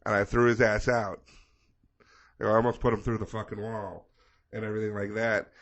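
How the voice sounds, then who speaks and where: A man with a fairly low voice spins a long anecdote in casual podcast chat. He is animated and profane, and he slips into brief voices for the people he quotes. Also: brisk. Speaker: podcast co-host.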